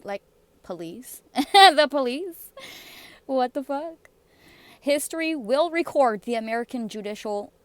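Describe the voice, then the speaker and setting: A woman talks through comments in a loose, casual vlog. She is sarcastic and blunt and often laughs between remarks, and her voice sits at a middling pitch. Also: a little mellow. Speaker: vlogger.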